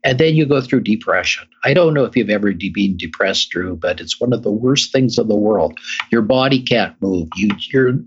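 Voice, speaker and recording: On this dull, lo-fi recording, a middle-aged male interview-show guest recounts his story emphatically, repeating phrases for effect. His fairly low voice is expressive and moves at a normal speed, with a little hiss or hum in the background.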